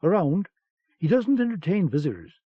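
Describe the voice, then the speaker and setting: A man's voice: sits high, sing-song, moderate pace, no room sound, pitched above the performer's own voice. A man reading an audiobook, voicing a teasing, coy barmaid with a Welsh accent in a dull old recording. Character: sultry, sly Welsh barmaid. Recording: dull cassette-era audiobook sound.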